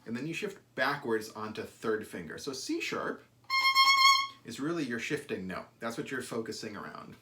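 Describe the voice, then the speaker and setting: A man's voice: mid-range voice, lively intonation, normal speed, over loud music. A man teaching a violin lesson, explaining bowing and shifting and counting out beats. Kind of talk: instrumental music lesson. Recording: loud violin playing under the talk.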